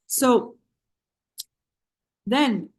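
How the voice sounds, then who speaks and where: A woman in a political panel discussion, talking in an animated and sarcastic way. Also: on the high side, extremely slow. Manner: animated, sarcastic, mocks others in quoted voices. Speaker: panel guest.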